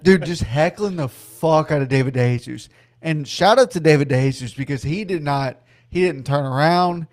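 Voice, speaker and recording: A young man co-hosting a casual sports podcast, excitable, swearing a lot and often restarting his sentences. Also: fairly high pitch, moderate pace. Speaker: podcast co-host.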